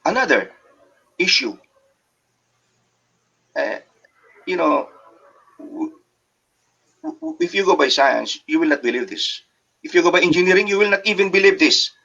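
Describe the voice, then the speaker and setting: A man's voice: sits high, very animated, a little slow, vocal fry, pauses often, bright, forceful tone, slightly rough. Lecturing older Filipino man, dull sound. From Philippines. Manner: indignant, lecturing, mixes English with Tagalog. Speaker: guest engineer. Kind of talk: emphatic radio talk show interview.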